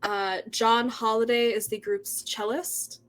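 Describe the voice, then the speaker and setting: A woman's voice: fairly high pitch, level tone, slow pace, a bit bright. A woman narrating a tabletop horror game as game master, setting scenes with many fillers.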